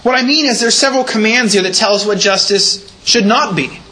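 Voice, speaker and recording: This high-sitting male voice moves fairly quickly and has a sharp tone, heard through a low-quality recording. He is a pastor preaching in church, explaining scripture with care and stressing points through repeated words.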